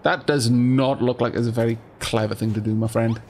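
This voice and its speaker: A man's voice: mid-range voice, steady tone, fairly quick, a little mellow, a little hiss or hum. A young man casually commentating a game, playful and self-deprecating, stammering through asides. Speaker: let's play host.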